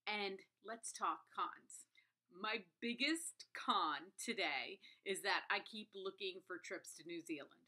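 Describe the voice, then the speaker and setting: Gushing, chatty woman with a bright voice. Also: mid-range voice, takes it slowly. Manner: gushing, chatty, full of asides and "okay?". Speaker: book reviewer. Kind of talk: casual book review vlog.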